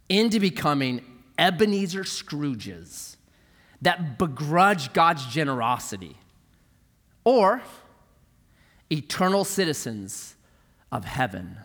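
Male pastor, middle-aged, sermon delivery. High, bright voice that swings widely in pitch, with a long hall reverb. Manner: animated storytelling, acting out quoted voices.

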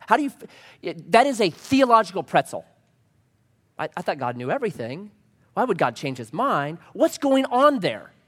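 A man in his thirties preaching a sermon, telling stories and acting out the lines he quotes. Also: sits high. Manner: animated storytelling preacher, acts out quotes. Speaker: pastor. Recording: long reverb of a large hall.

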